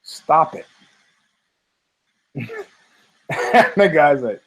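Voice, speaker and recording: A man hosting a podcast, telling a story in a casual, profane, animated way and acting out the people in it. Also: on the high side, normal speed, low-quality recording. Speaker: podcast host.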